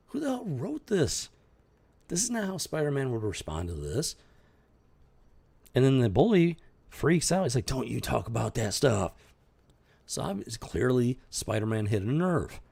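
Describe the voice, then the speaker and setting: Gravelly husky guy ranting about a comic, totally fed up. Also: mid-range voice, dark tone. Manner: exasperated, incredulous ranting. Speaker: podcast host reviewing comics. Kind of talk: casual comic review commentary.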